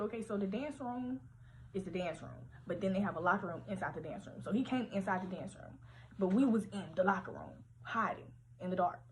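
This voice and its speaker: A young woman telling a story from her teens on a casual livestream, animated, slangy and full of profanity. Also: medium pitch, a little hiss or hum.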